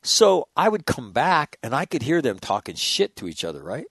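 A man in his sixties, a former military officer, telling profane, animated stories in casual conversation. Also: mid-range voice, normal speed, breathy edge, no echo, clean studio sound. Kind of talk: casual storytelling.

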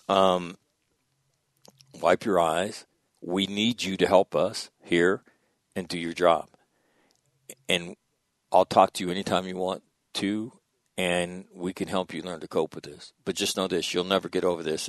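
A man's voice: fairly even intonation, normal speed, no echo. A man telling a war story in a podcast conversation, blunt and profane, dropping his voice when quoting. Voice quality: low gravelly voice. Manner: blunt, profane, drops to a hush for quoted dialogue. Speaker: guest, former military officer.

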